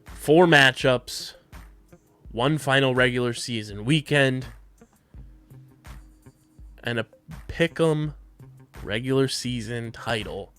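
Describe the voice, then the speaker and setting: A man co-hosts a sports podcast in a loose, joking way. He reads the sponsor lines with extra hype. His voice sits at an ordinary middle pitch, and soft music plays behind him. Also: slow, pauses often, clean tone. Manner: upbeat, jokey, reads sponsor spots in a hype voice. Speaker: podcast co-host. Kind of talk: casual sports podcast chat.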